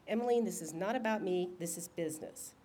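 A woman's voice: fairly low pitch, fairly quick, mellow, slight background noise, natural voice. Woman doing a businesslike ex-husband, clipped, dismissive, audiobook reading. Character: curt businesslike male ex-husband, lawyer.

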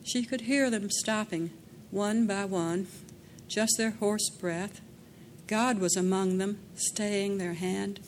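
A woman narrating a dramatic story in a measured way, slowing down in tense passages. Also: mid-range voice, fairly even intonation, a little hiss or hum. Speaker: audiobook narrator.

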